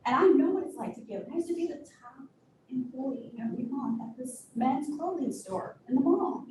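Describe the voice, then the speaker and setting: Blunt, animated woman in an echoey room. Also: normal speed. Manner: blunt and animated, with sudden high-pitched bursts. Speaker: nonprofit executive director. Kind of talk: candid interview storytelling. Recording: echoey room, distant mic, audible noise.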